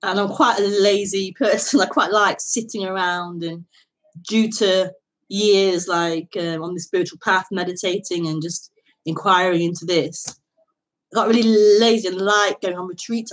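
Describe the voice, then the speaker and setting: A woman hosting a live spiritual talk, speaking in a relaxed, hesitant way, repeating words and laughing softly between thoughts. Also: mid-range voice, poor audio. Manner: slow, hesitant, halting speech that repeats words. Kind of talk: casual, reflective live talk.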